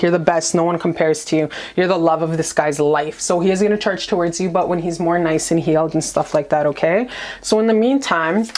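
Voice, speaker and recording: Female tarot reader, slightly low voice, effusive and profane, chatty check-ins. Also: darkish tone. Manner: gushing, profane and playful, lots of "okay?". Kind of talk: casual tarot reading to camera.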